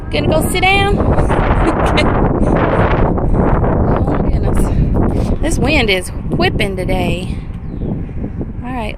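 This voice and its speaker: A woman narrates a handheld vlog in an outdoor garden. She chats, laughs often and coos sing-song at a toddler. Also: on the high side. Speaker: parent or caregiver filming a walk. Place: outdoor garden on a windy day. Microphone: handheld camera mic. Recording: wind noise on an outdoor camera mic.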